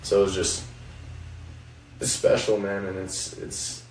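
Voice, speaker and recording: A man's voice: low voice, little pitch movement, unhurried. A young man, a college basketball player, reflectively telling a faith story with many fillers. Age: young adult. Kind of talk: faith-focused podcast chat. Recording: roomy, distant mic, faint noise.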